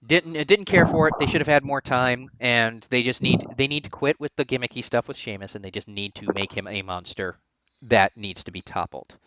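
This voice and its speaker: A man's voice: mid-range voice, fairly quick, background noise. A man co-hosting a podcast, giving opinionated, rambling takes in casual chat. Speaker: podcast co-host. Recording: dull lo-fi dry sound.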